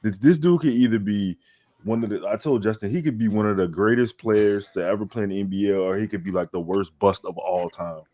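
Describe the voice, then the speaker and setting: Lowish voiced dude on a sports pod, hyped up, keeps restarting, cusses, says bro a lot. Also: male voice, a little fast. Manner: animated, repeats words and restarts, swears casually, says "bro". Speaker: podcast co-host. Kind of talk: casual sports talk.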